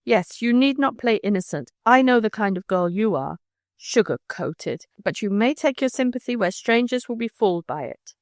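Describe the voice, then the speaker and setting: A woman's voice: on the high side, expressive, normal speed, dry recording, clean studio sound. A woman reading aloud as a proud, resentful schoolgirl who speaks coldly and cuttingly. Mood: angry. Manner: cold and cutting. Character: proud, resentful schoolgirl, sharp-tongued and defiant.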